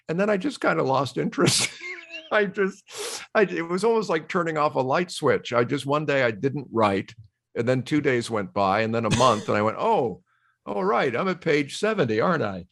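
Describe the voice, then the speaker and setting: An older man speaking as a podcast guest, with a mid-range voice and an easy storytelling flow. He chimes in with quick agreement and laughter. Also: mid-range voice, a bit bright. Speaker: guest, TV host. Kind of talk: casual interview chat.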